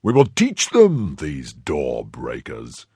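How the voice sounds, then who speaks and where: A man voicing a calm, jeering nobleman who speaks slowly and grimly, in an audiobook. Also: very deep voice, breathy edge, no room sound, clean studio sound, voice pushed down, exaggerated voice.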